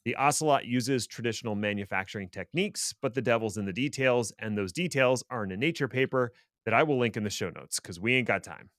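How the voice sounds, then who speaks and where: A man's voice: mid-range voice, quick pace, a bit bright, dry recording. Dry, sarcastic male podcast host. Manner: dry, sarcastic, wry asides. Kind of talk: casual tech podcast chat.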